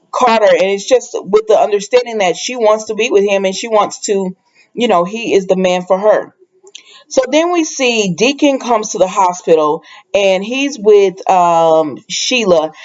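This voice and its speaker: A woman's voice: mid-range voice, a little mellow, lo-fi sound. A woman casually recapping a soap opera episode in a chatty, loose way, full of fillers and asides.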